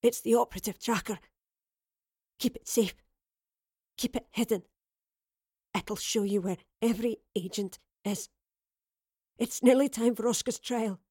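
A woman voicing a stern female commander who is badly wounded, speaking in a strained, gasping, halting way in an audio drama reading. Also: a little high, steady tone, warm tone, no room sound, studio quality. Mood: strained, urgent. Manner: halting, breathy, urgent.

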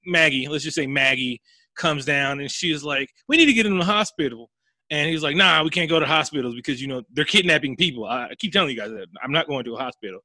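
A man's voice: a little high, fast talker, sharp tone, dry recording. A man hosting a casual comedy podcast, profanely recapping a movie and acting out the characters' lines.

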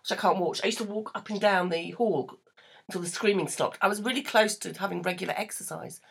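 A woman's voice: medium pitch, quick pace, gravelly, husky. A middle-aged woman co-hosting a podcast, dry and self-deprecating, laughing a lot in casual chat. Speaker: podcast co-host.

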